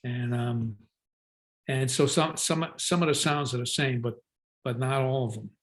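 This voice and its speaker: An older man talks as a guest in a relaxed interview. He rambles and restarts as he tells his stories, and his mid-range voice sits right in the middle. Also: medium pitch, unhurried. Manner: rambling, many restarts and fillers, slips into regional voices. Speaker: guest actor. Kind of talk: casual interview talk, storytelling.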